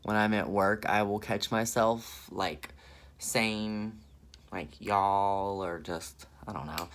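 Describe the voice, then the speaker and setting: A Southern US man with a lowish, slightly bright voice chats his way through a makeup tutorial, thinking out loud and raving about the colors. There's a little background noise.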